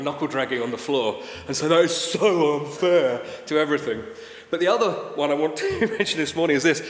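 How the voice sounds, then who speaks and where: A middle-aged preacher delivers a sermon with a conversational, wry manner and emphatic peaks. His voice is a little higher than most men's. It carries through a roomy church with a long reverb tail. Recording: echoey church hall.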